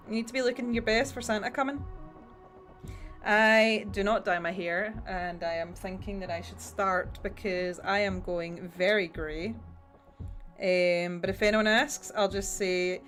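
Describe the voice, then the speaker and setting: A woman's voice: medium pitch, unhurried, faint music behind. A middle-aged woman, rambling in a casual chat while she paints on a livestream and swearing freely. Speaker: streamer.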